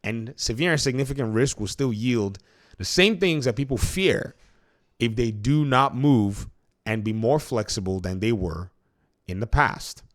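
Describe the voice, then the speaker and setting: A man's voice: medium pitch, lively intonation, a little slow. A man hosting a solo gaming commentary, arguing his points emphatically and often restarting his sentences mid-thought. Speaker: gaming commentary channel host.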